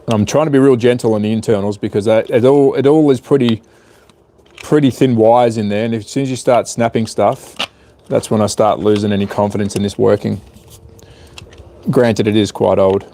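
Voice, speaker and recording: A man's voice: lowish voice, steady tone, moderate pace, dark tone, a little hiss or hum. A man chatting casually on a live stream while repairing a small device, muttering to himself as he works. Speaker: hobby livestreamer.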